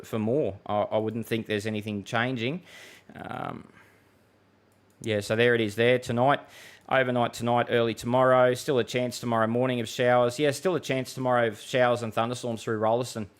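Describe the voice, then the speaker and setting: A man's voice: mid-range voice, little pitch movement, normal speed. A middle-aged Australian man hosting a live weather stream, chatting loosely with viewers and rambling through many fillers and restarts. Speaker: weather livestream host. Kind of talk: casual live chat reading viewer comments.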